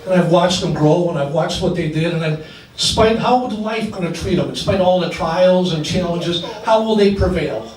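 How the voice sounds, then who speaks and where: A man's voice: on the high side, normal speed, darkish tone. A man in his sixties, the father of the bride, giving a joking, emotional wedding speech, getting choked up at times. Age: 60s. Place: wedding reception hall. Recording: echoey hall, distant mic, noisy.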